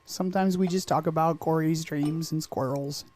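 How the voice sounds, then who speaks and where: Joking, slightly higher-voiced man. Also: steady tone, darkish tone. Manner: rambling, jokey, quick to put on silly voices. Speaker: podcast co-host. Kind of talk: casual chat.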